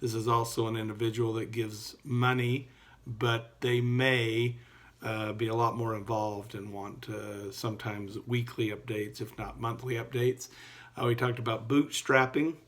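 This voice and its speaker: This recorded class update comes from a middle-aged man teaching entrepreneurship, who talks in a laid-back, folksy way packed with fillers. His mid-range voice runs a little slow.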